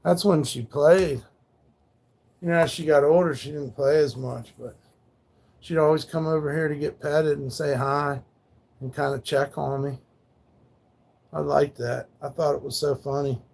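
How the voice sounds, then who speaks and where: A man's voice: on the high side, steady tone, a little slow, creaky, long pauses, a little mellow. A man livestreaming, rambling and swearing as he talks about his late dog, grieving and sometimes thanking chat. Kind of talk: casual livestream talk.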